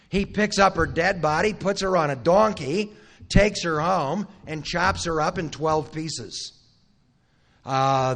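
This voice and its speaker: A man delivering a teaching sermon, retelling a Bible story to a live audience. His voice sits slightly high for a man, and he talks in a conversational way. He asks the room questions and briefly acts out the people in the story. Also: a bit bright. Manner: conversational storyteller who acts out the characters' lines; asks the audience questions and adds wry asides. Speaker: Bible conference speaker.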